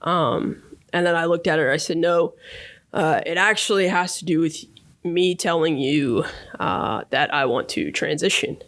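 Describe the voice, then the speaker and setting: A man in his thirties, a podcast guest, talking through a personal story in a relaxed, reflective way, often checking in with "right?". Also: on the high side, measured pace. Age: 30s. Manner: reflective, warm storyteller, many fillers and tag questions. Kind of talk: casual interview storytelling.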